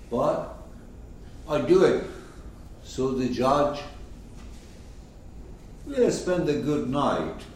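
A man explaining a poem to his class, slow and emphatic, often putting questions to his listeners. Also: medium pitch, expressive, a little mellow, slight background noise. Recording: echoey room, mic far off.

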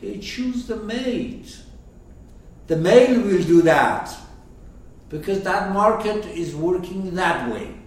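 A man explaining a story in a slow, very lively lecture voice, often checking in with his listeners. He is recorded from a distance in a strongly echoing room, with faint background noise. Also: sits high. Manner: rhetorical questions, checking in with listeners. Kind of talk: lecture commentary. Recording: echoey room, mic far off.

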